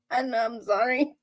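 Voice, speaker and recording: A woman's voice: on the high side, no room sound. A middle-aged woman, hosting a weekly live show and chatting casually with viewers, laughing between nearly every line.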